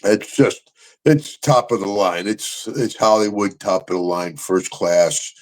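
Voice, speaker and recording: A man's voice: lowish voice, measured pace, darkish tone. An older man, a retired wrestler hosting his own show, telling stories in casual chat, boisterous and laughing often.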